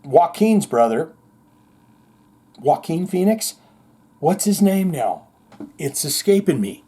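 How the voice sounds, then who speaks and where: A man's voice: a little high, big pitch swings, slow pace, dark tone, breathy edge. A man hosting a heavy metal news show, casually chatting and reading viewer comments in a blunt, sarcastic way with some swearing.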